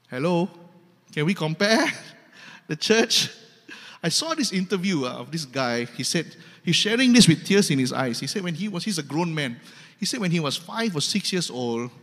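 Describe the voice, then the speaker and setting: A male pastor with a Malaysian English accent preaches emphatically, repeating his points with humor. His voice sits high, and a long hall reverb follows each phrase. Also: a bit bright. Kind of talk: sermon.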